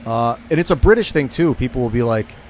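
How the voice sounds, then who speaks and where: A man's voice: medium pitch, expressive, fairly quick, slight background noise. A young man streaming a video game, chatting casually and rambling with lots of fillers and "like". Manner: rambling, filler-heavy, says "like" a lot. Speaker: gaming streamer.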